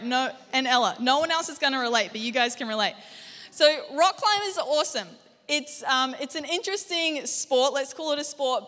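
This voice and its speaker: A young Australian woman preaching in a chatty, jokey way, tossing questions out to the congregation. Her voice sits high and sounds crisp and ringing. A long church-hall reverb trails after her words. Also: sharp tone. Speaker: guest preacher. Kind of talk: conversational sermon. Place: church auditorium.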